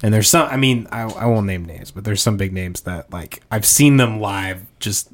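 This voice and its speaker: A man's voice: fairly low pitch, moderate pace. A man hosting a casual podcast interview, asking questions hesitantly with lots of fillers. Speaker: podcast host.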